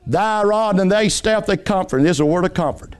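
A man preaches a fervent sermon in a notably high voice. He tells folksy stories, rising to ringing emphatic peaks and dropping to hushed, low passages. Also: a little fast, smooth. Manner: impassioned, swinging between high emphatic lines and low hushed ones; folksy storytelling with homespun anecdotes.

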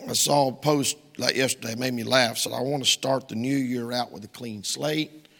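A preacher with a raised, gravelly voice, folksy and emphatic. His bright, tense delivery swings between hushed asides and sudden shouts. The sound carries a long reverb from the church sanctuary. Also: medium pitch, steady tone, moderate pace. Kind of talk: sermon. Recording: reverberant hall.

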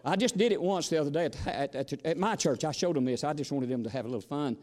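Speaking fast in a large hall, a visiting preacher with a voice on the high side and a darkish tone gives a folksy, story-driven sermon. He shifts between exclamations and a chattier manner.

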